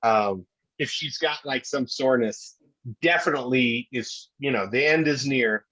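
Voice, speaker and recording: A middle-aged man tells a family story in a loose, rambling, self-deprecating way. His voice is husky, with a mid-range pitch. The recording sounds a little dull and lo-fi. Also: moderate pace, pushed and bright. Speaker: podcast co-host. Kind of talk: casual chat, storytelling.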